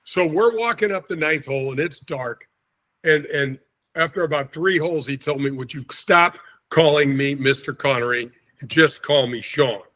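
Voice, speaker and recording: A man in his sixties from St. Louis, a podcast guest telling an animated anecdote and acting out the quotes. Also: on the high side, moderate pace. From St. Louis, USA. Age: 60s. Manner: lively storyteller, acts out quotes, chuckles often.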